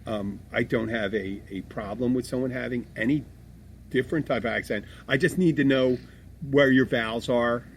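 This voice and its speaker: A middle-aged man talks in a loose, rambling way, animated and quick to swear. His voice sits mid-range for a man. A faint hiss runs under the recording. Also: medium pitch. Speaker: podcast co-host. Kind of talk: casual chat.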